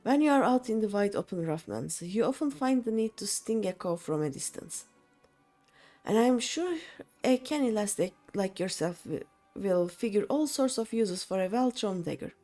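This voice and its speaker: A woman reading game lines for a brash, swaggering male rogue who talks in rough sailor slang. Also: mid-range voice, animated, normal speed, dark tone, faint music behind, lightly acted. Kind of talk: reading game dialogue aloud.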